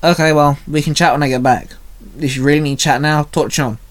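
A man's voice: a little high, steady tone, a little fast, natural voice. A man reading the lines of a stern, brusque young hero in a spoken fan story.

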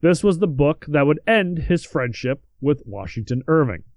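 A man's voice: fairly high pitch, very animated, moderate pace, darkish tone, no room sound. A man co-hosting a podcast, reading out history in a casual way with joking asides and the odd swear word. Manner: reads facts then adds joking asides and swearing. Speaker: podcast co-host.

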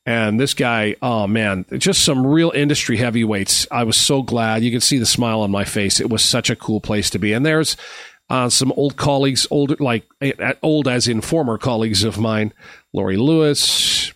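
Man, middle-aged, from canada, live stream host, rambling storyteller, average pitch, dry close sound. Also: normal speed, fairly bright tone, dry recording. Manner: chatty, rambling anecdotes with frequent restarts and fillers.

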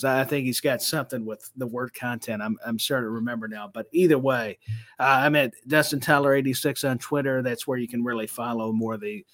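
A man's voice: mid-range voice, a bit bright. A man co-hosting a wrestling podcast in casual chat, rambling and restarting his sentences often. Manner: rambling with many restarts and stammers. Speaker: podcast co-host.

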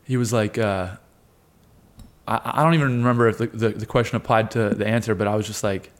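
A man in his twenties, a guest on an interview show, telling a lively story and acting out what people said, with frequent laughs. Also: fairly low pitch, brisk. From United States. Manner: animated storyteller, acts out quotes, laughs often. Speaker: guest, wrestler and fighter.

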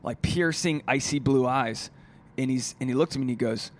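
A man's voice: mid-range voice, normal speed. A man who is a stand-up comedian, talking alone on his podcast in a rambling, profane, casual way. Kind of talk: solo podcast monologue.

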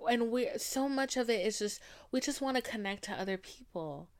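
Candid young woman podcaster, openly emotional. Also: a little high. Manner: emotional, candid, swings from soft murmurs to loud emphasis, swears freely. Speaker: podcast host. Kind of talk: candid personal talk.

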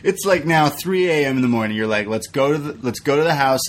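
A man's voice: mid-range voice, lively intonation, fast talker. Brief: young male podcast co-host, casual, acts out quotes as he tells a story. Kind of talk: casual chat.

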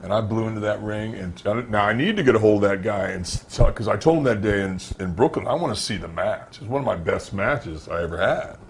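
A man's voice: lowish voice, fairly quick, vocal fry, hardly any pauses, slight background noise. A man, a former pro wrestler, telling stories from his career in an interview and acting out the dialogue. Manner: animated storyteller who acts out quoted dialogue. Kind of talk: interview storytelling.

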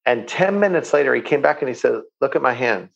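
A man's voice: medium pitch, animated, fairly quick, gravelly, fairly bright tone, lo-fi sound. A man being interviewed, talking with enthusiasm and often repeating words as he starts a sentence. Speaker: guest. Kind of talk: interview answers, storytelling.

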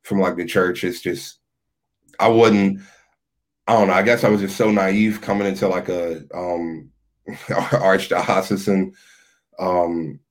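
A man's voice: low-pitched, takes it slowly, pauses often. A man, a youth minister, telling his story in a casual podcast chat, loose and full of filler words. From Philadelphia area. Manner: relaxed storytelling, frequent "like" fillers.

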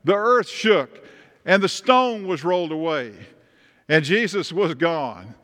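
This man preaches a sermon as pastor in a church sanctuary, his fairly high, slightly bright voice expressive and slow. He keeps the tone conversational, putting questions to the congregation. A long church-hall reverb surrounds his voice.

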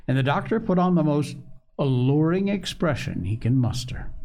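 A man narrating a children's story aloud, reading slowly and expressively. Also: mid-range voice, dark tone. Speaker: audiobook narrator.

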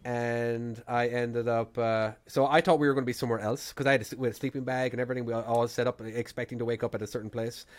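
A man's voice: medium pitch, little pitch movement, fast, few pauses. A man with an Irish accent, a podcast co-host, chatting casually and telling rambling stories with frequent laughter. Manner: rambling storyteller, laughs often. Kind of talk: casual chat.

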